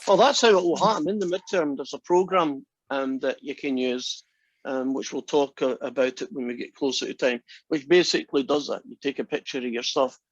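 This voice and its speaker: A man's voice: medium pitch, brisk, breathy edge, no room sound. Chatty male math teacher, dry lo-fi sound. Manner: chatty and joking, talks through steps conversationally. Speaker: math instructor. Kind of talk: casual classroom lecture. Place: classroom. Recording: dry, dull lo-fi lecture recording.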